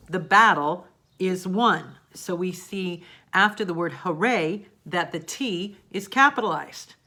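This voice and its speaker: A woman teaching a grammar lesson, explaining patiently step by step and checking in often. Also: on the low side. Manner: acts out example sentences with lively emphasis.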